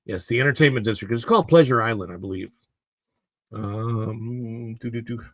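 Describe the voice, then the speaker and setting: Hosting a casual livestream, a man talks to his viewers at a normal speed in a medium-pitched voice, rambling between news items he reads aloud to chat. The recording is dry.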